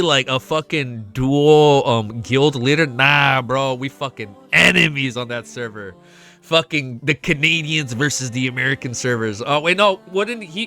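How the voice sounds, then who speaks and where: A young man streaming a casual reaction, excitable and swearing often, laughing between remarks. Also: mid-range voice. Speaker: streamer reacting to a web novel. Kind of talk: casual live reaction chat.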